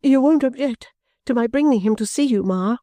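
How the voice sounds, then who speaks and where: A woman voicing a tearful young daughter who sobs and pleads in a high, breathy voice, in an audiobook reading. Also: moderate pace, dark tone, no room sound, lightly acted. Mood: timid. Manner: pleading, childlike. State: sobbing. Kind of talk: audiobook character voice.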